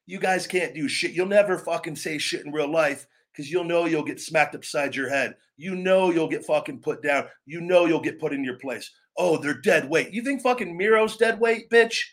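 This live-stream host of a wrestling show has a slightly high voice and a moderate pace with few pauses. He swears heavily while berating trolls online, then settles into looser, rambling commentary with frequent restarts.

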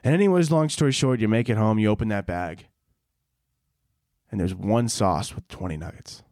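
A man hosting a podcast, telling a rambling, sarcastic rant full of dark humor and exaggeration, with frequent self-interruptions. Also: fairly low pitch, normal speed, dry recording, clean studio sound. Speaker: podcast host.

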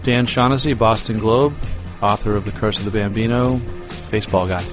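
Wry low-voiced male sports journalist. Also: steady tone, brisk, over music. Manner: wry, seasoned. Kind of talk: interview commentary.

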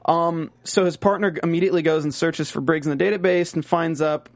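A man's voice: on the high side, fairly even intonation, a little fast, dry recording. A man co-hosting a podcast, casually retelling a show's plot with fillers and quoted asides. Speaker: podcast co-host recapping a show. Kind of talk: casual chat.

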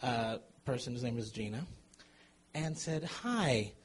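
A man telling a comic true story to a live audience, animated and chuckling as he goes. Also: medium pitch, unhurried, breathy edge.

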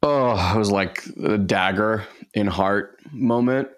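A man co-hosting a casual podcast, telling a heartfelt personal story in a halting way, with lots of fillers and restarts. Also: on the low side.

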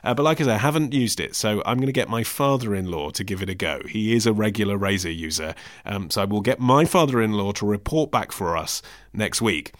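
A man hosting a podcast with a lowish voice and dry, self-deprecating wit. He is close on the mic in a dead, dry studio. His talk is chatty and easygoing. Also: animated, brisk, no room sound. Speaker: podcast host. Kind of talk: casual podcast monologue with host-read ads.

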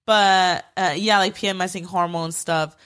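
A woman's voice: lowish voice, normal speed. A young woman co-hosting a podcast, telling a story in casual chat with lots of fillers and cursing. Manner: animated storytelling, swears freely, lots of fillers. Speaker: podcast co-host.

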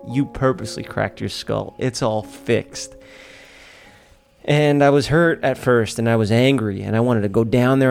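A man from Staten Island, delivering an animated, profane, mock-outraged monologue as a podcast host, with faint music behind him. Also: mid-range voice, vocal fry. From Staten Island, New York. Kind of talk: ranting comedic monologue. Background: faint sad music.

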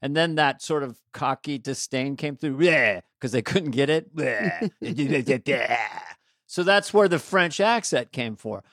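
A man's voice: medium pitch, animated, slow, fairly bright tone, dry recording, clean studio sound. A man co-hosting a podcast in casual comedic chat, riffing and doing silly voices over a video call. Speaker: podcast co-host.

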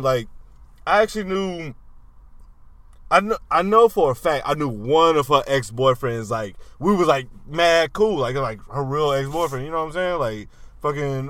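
A man's voice: a little high, fairly bright tone, no room sound. A man in his thirties telling stories in loose, profane podcast chat, laughing as he goes. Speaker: podcast co-host. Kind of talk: casual chat.

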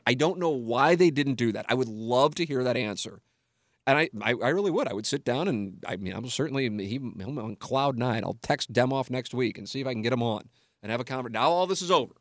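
Middle-aged male podcast host, medium pitch, dry close sound, blunt and emphatic with frequent swearing. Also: animated, brisk, no room sound. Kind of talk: casual opinionated podcast talk.

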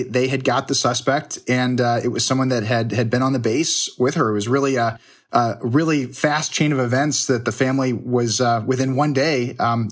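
A man who works as a TV news reporter, a guest on a remote call, talking casually and hesitantly with many restarts. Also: mid-range voice. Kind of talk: casual interview. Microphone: remote connection.

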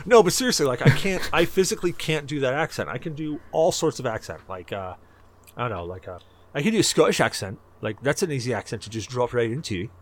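Animated, rambling man on a podcast. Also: medium pitch, fast talker, slight background noise. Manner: animated, rambling, repeats himself. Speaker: podcast co-host. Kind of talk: casual chat.

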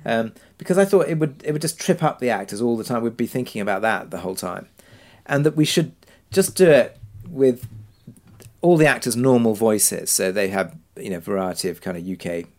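Male producer, medium voice, unhurried and reflective, thinks aloud. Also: medium pitch. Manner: relaxed, thinking aloud with frequent fillers. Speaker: drama producer, guest. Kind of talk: reflective interview answers.

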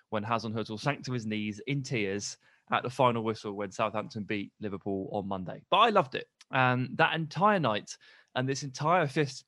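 A man's voice: mid-range voice, a bit bright, no room sound, studio quality. A man co-hosting a casual football podcast who argues his points earnestly. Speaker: podcast co-host.

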